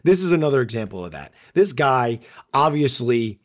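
This man, a podcast co-host, speaks at a normal speed in a mid-range voice. He's a lively storyteller on a casual show, raising his voice to act out quotes from other people.

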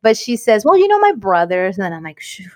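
A woman in her thirties co-hosting a casual podcast chat, telling family stories with lively acted-out quotes and bits of Spanish. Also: mid-range voice, fast talker. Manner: animated storyteller, acts out quotes, mixes in Spanish. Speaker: podcast co-host.

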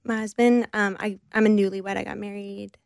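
An earnest young woman talks reflectively as an interview guest, her sentences padded with soft fillers. Her voice sits at a middle pitch and is recorded dry and close, with no room sound around it. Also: flat delivery, normal speed, vocal fry, dry recording. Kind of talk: conversational interview.

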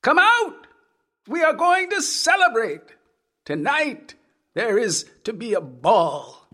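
A man voicing an eager, giggling old man with a shrill, cracked voice in a storybook reading. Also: big pitch swings, bright, forceful tone, dry recording, clean studio sound, exaggerated voice. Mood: gleeful. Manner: drawn-out, high, sing-song calls.

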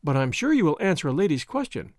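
A man reading aloud and voicing a cool, quick-witted woman doctor who speaks in a dry, composed, gently ironic way. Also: on the high side, big pitch swings, no echo. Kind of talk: audiobook character voice.

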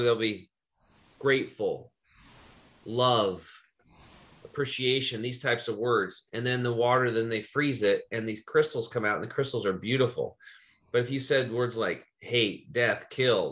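A man's voice: mid-range voice, fairly bright tone. A man from Eastern Oregon hosting a podcast, telling a personal story in loose, rambling casual chat with some swearing. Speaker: podcast host.

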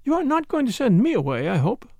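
A man voicing a nosy, bossy but kind middle-aged spinster in an audiobook reading, brisk and prying. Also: extremely high pitch, wildly swooping pitch, mellow, no room sound, studio quality, voice pushed up, exaggerated voice.

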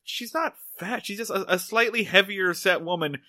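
A man's voice: sits high, normal speed, sharp tone. A man in casual comedic podcast chat, sarcastically recapping a TV episode with profane asides. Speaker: podcast co-host.

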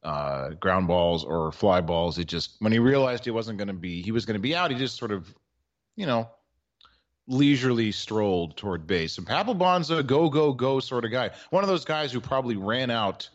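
A podcast co-host with a fairly low, lively voice tells a sports story at normal speed in casual sports chat. He's wry and rambling, using plenty of filler words, and the audio sounds dull.

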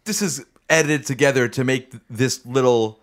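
A man hosting a casual chat, loose and relaxed, often restarting his sentences and swearing offhand. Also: medium pitch, normal speed. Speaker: podcast host.

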